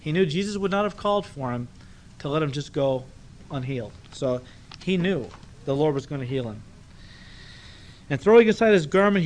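A man's voice: fairly high pitch, a little hiss or hum. Conversational man preaching a sermon. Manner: conversational, asks rhetorical questions, acts out the people in the story. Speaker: pastor.

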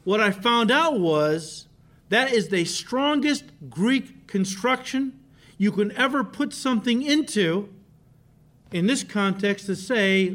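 A man preaching a sermon as a pastor, animated, often stopping to say "listen" and "okay". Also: high-pitched, slow pace.

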